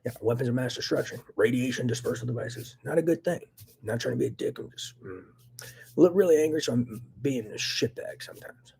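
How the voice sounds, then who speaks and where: Husky-voiced man on an angry rant. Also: medium pitch, a little fast. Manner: profane, agitated, swings between loud outbursts and muttering. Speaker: vlogger. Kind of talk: angry ranting monologue.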